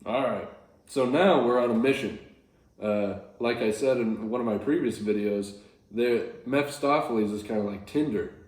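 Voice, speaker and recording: A man's voice: medium pitch, moderate pace, darkish tone, reverberant. Rambling man explaining a play. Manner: rambling, chuckling, self-correcting. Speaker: video host explaining a play. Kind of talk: casual literature explainer.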